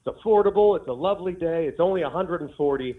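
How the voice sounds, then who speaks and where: A man calls in to a sports show from the golf course, and the phone line makes him sound tinny and narrow. He talks quickly and tells his stories with energy, acting out what others said. His voice sits a little high. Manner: animated storyteller, acts out quotes. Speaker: former baseball player guest. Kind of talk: casual interview storytelling.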